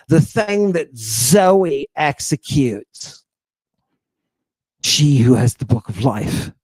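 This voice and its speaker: Guy lecturing slow and dramatic over slides, kinda high voice, dry close sound, keeps going right? right?. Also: no room sound. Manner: emphatic, dramatic, peppers talk with "right?"; swings between hushed asides and loud outbursts. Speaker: lecturer on ancient Greek language and ritual.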